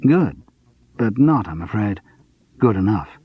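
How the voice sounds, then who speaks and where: A calm, probing man, as a narrator plays him who presses his questions in a measured, persistent way. The voice is husky with a lively rise and fall, heard in a dull, dry storybook recording. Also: on the low side, dry recording, heavily acted. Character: calm probing man, quietly insistent investigator.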